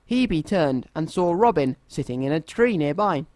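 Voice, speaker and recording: A man reading a children's story aloud in a gentle, expressive storytelling manner. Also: on the high side, normal speed, hardly any pauses, dry recording.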